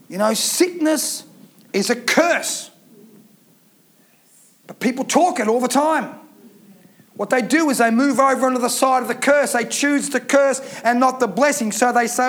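A man's voice: very high-pitched, normal speed, fairly bright tone. A man preaching a fervent sermon, driving points home with emphatic repeated phrases. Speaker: pastor.

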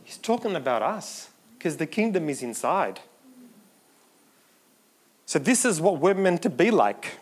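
A man's voice: fairly high pitch, big pitch swings, measured pace. Man preaching a conversational sermon. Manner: conversational, rising to emphatic reading. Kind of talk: sermon reading scripture.

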